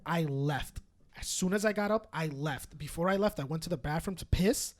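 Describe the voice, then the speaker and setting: A man co-hosting a casual podcast, telling stories in a loose, profane way, laughing often and acting out other people's lines. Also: moderate pace. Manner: animated, profane, laughs often, acts out quotes in high voices. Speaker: podcast co-host. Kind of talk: casual storytelling chat.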